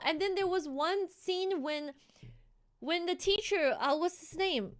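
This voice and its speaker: A woman streamer in a casual live-stream rant, animated and heated, often restarting her sentences. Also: very high-pitched, a little slow.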